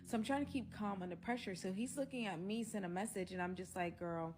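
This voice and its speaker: A woman's voice: medium pitch, fast talker, slight background noise. A woman telling a personal story to camera in a casual storytime style, acting out the voices of the people in it. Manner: animated, acting out quotes and whispers. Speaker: storyteller in a played video.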